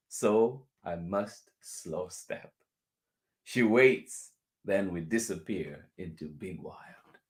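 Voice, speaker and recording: Guy doing a slow gentle storybook read-aloud for kids, takes it line by line, little laughs here and there. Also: lowish voice. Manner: reads each passage twice, slowly and gently; chuckles softly between lines. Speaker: children's storyteller. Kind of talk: reading a picture book aloud.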